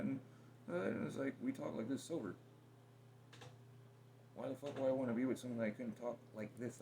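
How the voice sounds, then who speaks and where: A man with a lower voice talks at length in a casual but confrontational way. He is blunt and profane and rambles from point to point. Constant noise sits under the home recording. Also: warm tone. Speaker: partner in a home conversation. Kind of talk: casual heated conversation.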